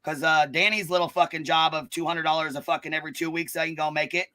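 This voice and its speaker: A woman hosting a live stream, ranting and calling people out in a combative, profanity-heavy way, with a notably low, bass-heavy voice. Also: fairly even intonation, quick pace, fairly bright tone. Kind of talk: live-stream commentary rant.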